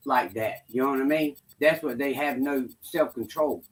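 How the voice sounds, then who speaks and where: A man's voice: medium pitch, normal speed. A man chiming in with blunt, profane remarks in a casual chat.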